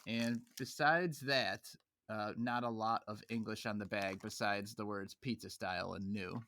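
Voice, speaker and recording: A man's voice: lowish voice, steady tone, a little slow, bright, forceful tone, a little hiss or hum. A man hosting a podcast, steering a chatty talk through snack reviews. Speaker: podcast host. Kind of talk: casual chat.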